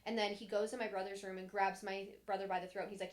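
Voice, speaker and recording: A woman's voice: mid-range voice, fairly even intonation, quick pace, hardly any pauses. A young woman on a podcast, casually recounting her childhood in a candid, rambling way, full of "like" and restarts, sometimes voicing others in a sharper tone. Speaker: podcast co-host. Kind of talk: casual personal storytelling.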